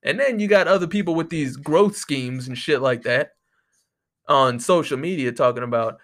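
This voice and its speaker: A man's voice: a little high, moderate pace. A man hosting a podcast, ranting casually in a profane, exasperated way, close to the microphone. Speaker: podcast host.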